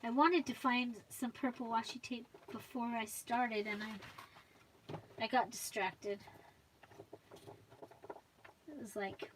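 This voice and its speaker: A woman's voice: fairly high pitch, steady tone, slow, a little hiss or hum. A woman hosting a live crafting video, chatting and thinking aloud as she works at her table.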